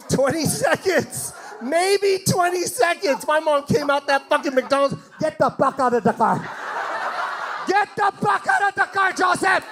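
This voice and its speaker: A male stand-up comedian telling a profane, animated story and laughing through it on a live set. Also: extremely high pitch, background noise. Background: audience laughter.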